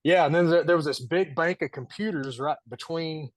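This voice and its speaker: A man with a slightly high voice speaks at a moderate pace as a podcast guest. He tells stories casually and animatedly, laughing often and acting out the quotes.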